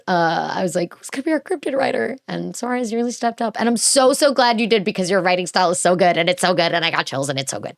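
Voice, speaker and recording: Woman, podcast host, casual chat, gushing, rambling, fairly low pitch, dry recording. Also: dry recording. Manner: gushing, rambling, restarts often.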